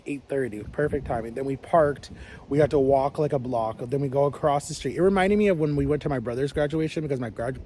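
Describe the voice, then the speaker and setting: A man in his thirties rambles through a story in a casual vlog, his voice sitting a little high for a man. He talks loosely, with plenty of "like" and restarts. Clear outdoor street and traffic noise runs behind him. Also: warm tone, rough recording. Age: 30s. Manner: rambling, chatty, lots of "like" and restarts. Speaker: vlogger.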